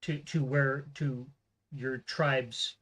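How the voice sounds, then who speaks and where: A man running a tabletop game as game master, narrating with many pauses and fillers. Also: medium pitch, steady tone, a bit bright. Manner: hesitant, filler-heavy narration.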